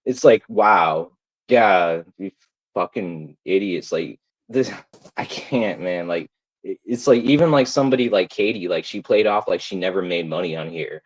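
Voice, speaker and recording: A man's voice: sits low, normal speed, rough recording. A man ranting angrily to his livestream viewers, heated, profane and repetitive. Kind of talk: angry livestream rant.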